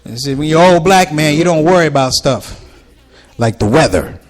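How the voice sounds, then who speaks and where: A man's voice: a little high, lively intonation, normal speed, a faint crowd. A man performing a stand-up comedy routine on stage, telling stories animatedly and acting out the voices of the people in them. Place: ballroom stage before a live audience.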